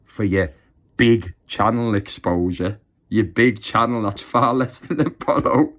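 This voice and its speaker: Low-voiced man ranting, lo-fi sound. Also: measured pace, a bit bright. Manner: taunting, boastful, scornful. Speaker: YouTuber. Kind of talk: mocking rant to camera.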